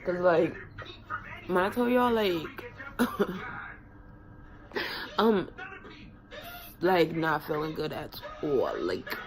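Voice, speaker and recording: A woman's voice: low-pitched, lively intonation, very slow, pauses often, low-quality recording. A young woman from West Africa, sick and dizzy in bed at home, chatting playfully to her viewers in slang and repeating words for effect. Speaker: vlogger. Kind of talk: casual chat to camera.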